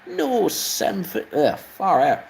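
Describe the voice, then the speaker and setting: Aussie guy doing a fussy electric train engine, high and draggy, totally fed up, cartoon-ish. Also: wildly swooping pitch, slow, creaky, a little hiss or hum, full character voice. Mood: exasperated. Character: fussy male electric toy engine, exasperated. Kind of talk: impressions during a livestream.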